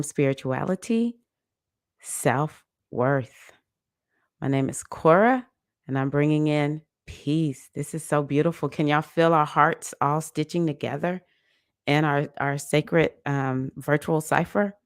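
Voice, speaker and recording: A woman hosting a live online women's circle, reading out chat comments in a soft, affectionate, unhurried way. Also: deep voice, no room sound, studio quality. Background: music playing.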